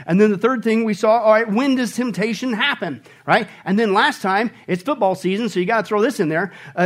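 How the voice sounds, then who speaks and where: High-voiced emphatic male preacher. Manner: emphatic preaching, rhetorical questions, sudden loud outbursts. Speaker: pastor. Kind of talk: sermon.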